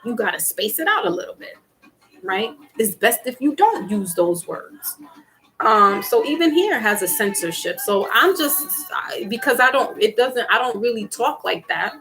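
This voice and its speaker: A woman's voice: fairly high pitch, sing-song, normal speed, fairly bright tone, low-quality recording. A middle-aged woman hosting a casual livestream chat, laughing often and acting out quotes in her stories. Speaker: livestream host. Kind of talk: casual chat with live viewers.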